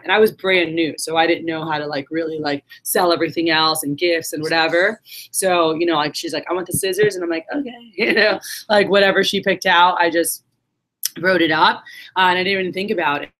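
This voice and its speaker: A woman's voice: fairly low pitch, brisk, fairly bright tone. A woman giving a casual, swearing motivational talk to her sales team, acting out the voices in her stories. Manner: casual storytelling, acts out quotes, swears.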